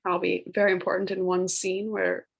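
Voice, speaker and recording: A woman's voice: lowish voice, flat delivery, moderate pace, gravelly, breathy edge, low-quality recording. A young woman teacher, talking through a recorded lesson in a casual, chatty way with many filler words and playful put-on voices for old phrases. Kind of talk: recorded classroom lecture.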